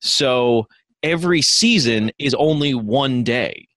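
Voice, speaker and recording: A man's voice: medium pitch, takes it slowly, fairly bright tone, no room sound. A man co-hosting a podcast, cracking profane jokes and laughing through casual banter. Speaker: podcast co-host.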